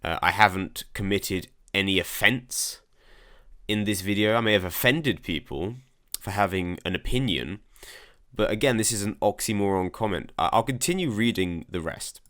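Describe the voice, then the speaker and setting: A young Englishman whose accent carries a slight American and European mix, reading viewer comments aloud and answering them in a halting way, often repeating words as he starts a sentence. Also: fairly low pitch, fairly bright tone. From England. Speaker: commentary channel host.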